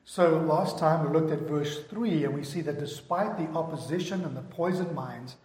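A man's voice: fairly high pitch, moderate pace, darkish tone. Emphatic male preacher in echoing hall. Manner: emphatic, asks the congregation questions. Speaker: pastor. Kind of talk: sermon. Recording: echoey hall, long reverb.

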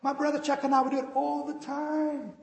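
A preacher doing a breezy reckless driver. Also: male voice, very high voice, little pitch movement, a little fast, vocal fry, darkish tone, voice pushed up. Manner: breezy and reassuring. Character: carefree reckless male driver in a joke. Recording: echoey hall.

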